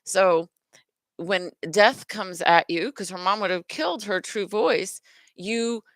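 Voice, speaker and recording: A woman's voice: medium pitch, takes it slowly, no echo. A middle-aged woman hosting a self-worth lesson, talking casually and earnestly, often stopping to restart or correct herself. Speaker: self-worth teacher and host. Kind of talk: casual spoken teaching talk.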